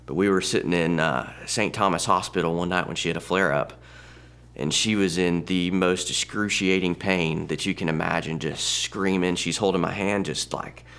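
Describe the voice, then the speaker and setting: A man in his thirties sharing a personal testimony in a halting, conversational way, often restarting his sentences. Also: sits low, steady tone, a bit bright, clear, resonant tone. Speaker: church testimony speaker.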